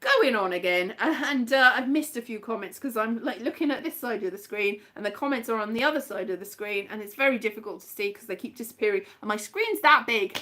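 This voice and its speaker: Bright high Welsh woman chatting. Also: lively intonation, fairly quick, hardly any pauses. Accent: Welsh with flattened vowels, a bit West Country. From Southeast Wales. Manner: chatty and rambling, playful asides. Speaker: livestream host. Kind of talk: casual live chat.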